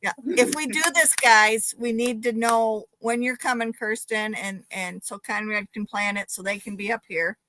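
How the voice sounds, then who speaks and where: A woman's voice: on the high side, steady tone, normal speed, few pauses, pushed and bright, dry recording, poor audio. Firm woman, dry sound. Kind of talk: casual chat.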